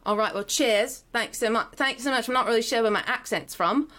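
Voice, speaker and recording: A woman's voice: on the high side, fairly quick, bright, forceful tone. Woman hosting a chill talk show, gushy, super enthusiastic. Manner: enthusiastic, gushing. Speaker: host. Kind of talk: casual chat.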